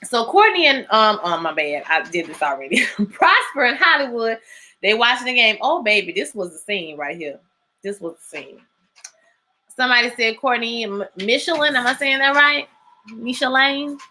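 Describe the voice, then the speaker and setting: A bright, slightly high-voiced woman, hosting a live recap. She tells the episode like a story to friends, acting out the characters' lines in loud, slangy bursts and laughing often. The talk stays casual and lively throughout. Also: normal speed. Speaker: TV recap host.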